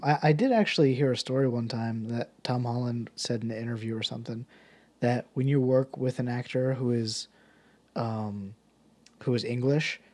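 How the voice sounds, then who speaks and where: A man's voice: medium pitch, a little mellow. A tired man hosting a podcast, talking casually about a movie in a rambling way, often laughing and swearing. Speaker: podcast host. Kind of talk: casual solo movie commentary.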